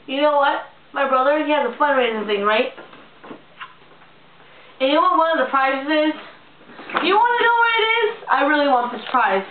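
A high-voiced teenage girl rants about her day straight into a webcam, stumbling and repeating words as she vents. The sound is thin and phone-like, with a boomy, echoey room. A steady hiss of noise sits under her voice. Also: moderate pace, long pauses. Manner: angry, rambling, repeats words. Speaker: vlogger. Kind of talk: casual ranting vlog.

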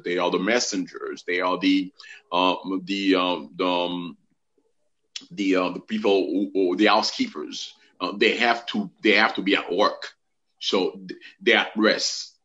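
A middle-aged man, a physician guest on a talk show, explaining slowly with many ums and restarts. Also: low voice, bright, forceful tone. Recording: dull lo-fi sound.

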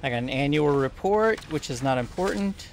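A man's voice: a little high, animated, normal speed, slight background noise. A man playing a co-op game, explaining puzzles in a teasing, bossy way over voice chat. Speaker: gamer playing co-op. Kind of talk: casual gameplay chat.

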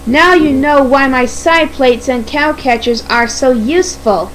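Patient, level-headed storybook engine, a woman playing him, high voice, slow delivery. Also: slight background noise, poor audio. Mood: calm. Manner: calm and patient. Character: calm, sensible male tram engine. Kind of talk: storybook reading.

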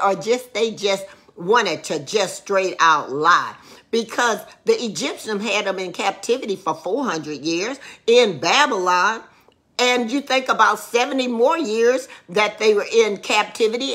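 A woman's voice: mid-range voice, bright, forceful tone. A middle-aged woman co-pastor teaching a livestreamed Bible lesson, preaching emphatically and rising to exclamations. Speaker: co-pastor teaching Sunday school.

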